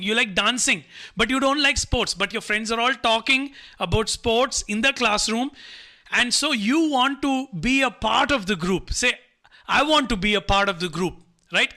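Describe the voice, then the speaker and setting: Guy hyping up students online, super high voice, keeps saying type ready. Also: sharp tone. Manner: repetitive, coaxing, asks the audience to type replies. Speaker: motivational speaker. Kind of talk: live online motivational talk to students.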